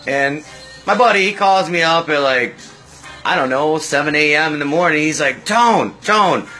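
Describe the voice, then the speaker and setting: A man's voice: fairly high pitch, normal speed, bright, forceful tone, soft background music, poor audio. Laid-back man hosting a cooking stream. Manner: laid-back, chatty, lots of "uh" and "so basically". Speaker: home cooking host. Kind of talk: casual cooking livestream demo.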